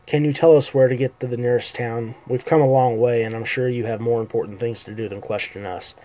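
An impatient male adventurer pushes back bluntly and a touch louder, as a man reading a fantasy novel puts him on. His voice is mellow and relaxed in timbre. The reading is plain rather than theatrical. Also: medium pitch, a little fast, lightly acted, low-quality recording.

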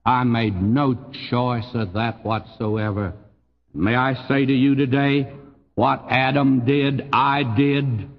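An older man with a Texan accent preaching a sermon in a folksy, emphatic way, his voice swooping high on key phrases and dropping low. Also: steady tone, slow pace, long reverb tail, dull audio. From Texas. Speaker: pastor.

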